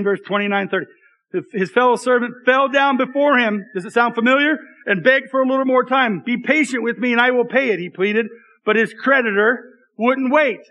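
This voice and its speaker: High-voiced man preaching a sermon. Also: bright, forceful tone, rough recording. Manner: conversational, joking asides to the congregation. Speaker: pastor. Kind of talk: sermon with scripture reading.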